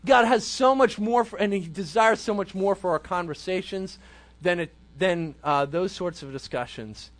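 Youth group speaker, male, high-pitched, relaxed sermon delivery with a chatty, questioning tone. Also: normal speed. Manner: conversational, frequent ums, rhetorical questions. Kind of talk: casual sermon.

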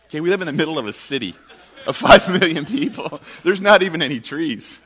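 A man's voice: fairly high pitch, animated, a little fast, fairly bright tone, slightly rough, voice pushed up. Man doing a baffled, incredulous landlord. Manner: incredulous, exasperated questioning.

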